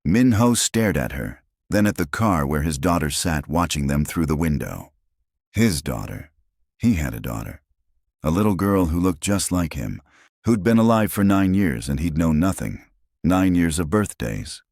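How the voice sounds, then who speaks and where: A man narrating a scripted drama story with a measured, dramatic delivery into a close mic. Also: rumbling low, expressive, a little mellow, no room sound.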